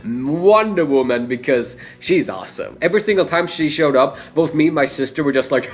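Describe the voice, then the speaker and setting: A man's voice: on the high side, lively intonation, brisk. A young man giving a casual, rambling movie opinion, laughing often and swearing. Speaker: movie reviewer.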